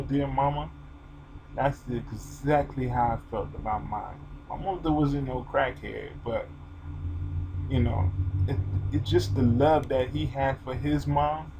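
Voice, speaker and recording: A man's voice: mid-range voice, creaky, darkish tone, slight background noise, low-quality recording. A man talking to his channel in an emotional, informal, rambling way, full of fillers. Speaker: vlogger. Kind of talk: personal video monologue.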